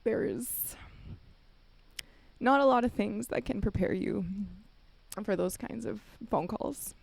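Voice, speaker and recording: A woman giving a chapel talk, telling a family story with lively storytelling and acted-out quotes. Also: a little high, takes it slowly, creaky. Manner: animated storytelling, acts out quotes, laughs often. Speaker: chapel speaker.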